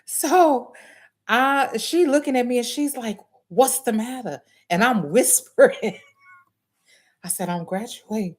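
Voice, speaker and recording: A woman's voice: a little high, slow pace. A woman, animatedly telling her viewers a story and laughing often. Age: adult nursing student. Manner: animated, laughs often, Southern US dialect grammar. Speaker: livestream host.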